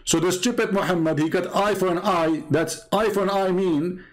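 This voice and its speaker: A man's voice: sits high, steady tone, normal speed, faint music behind. A man talking on a live stream as an online religious debater, combative and mocking, repeating himself and laughing at his own jokes.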